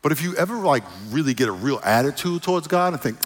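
Guy pastor preaching, kinda high voice, jokey with the crowd, long echo in a big room. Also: animated, fast, hardly any pauses. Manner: playful, jokes with the congregation, call and response. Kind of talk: sermon. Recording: long hall reverb.

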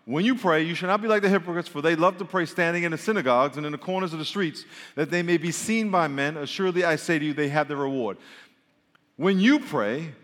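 The recording carries long hall reverb as a pastor preaches, reading scripture and explaining it in a light, humorous, conversational way. His voice is on the high side with a fairly bright tone.

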